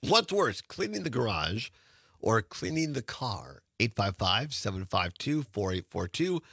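A man's voice: lowish voice, big pitch swings, a little slow, creaky, fairly bright tone, husky, dry recording, clean studio sound. A man hosting a radio talk show, chatting casually and laughing often. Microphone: studio microphone.

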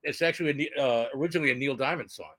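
A man's voice: mid-range voice, racing, a bit bright, no room sound. A man appears as a guest on a show and chats casually. He chuckles often and has a slight lisp. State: lisping after a tooth pulled. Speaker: guest, painter. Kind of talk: casual chat.

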